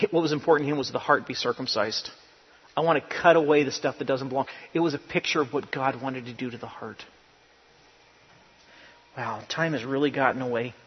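A man preaching a sermon as pastor, emphatic and often rising to loud, animated bursts. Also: medium pitch, fairly quick, husky. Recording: dull lo-fi sound with long church reverb.

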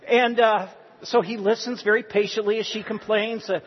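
A man with a high, husky voice preaches a sermon. He exhorts earnestly and slips in joking asides. His voice carries a long reverb, as in a big hall. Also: fairly even intonation, normal speed. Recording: reverberant hall, dull lo-fi sound.

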